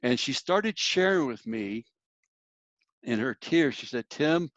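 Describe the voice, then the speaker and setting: A man's voice: fairly high pitch, lively intonation, takes it slowly, fairly bright tone, dry recording. Earnest man telling a story, dull lo-fi sound. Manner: earnest, storytelling, addresses listeners directly. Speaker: grief workshop speaker. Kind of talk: church workshop talk.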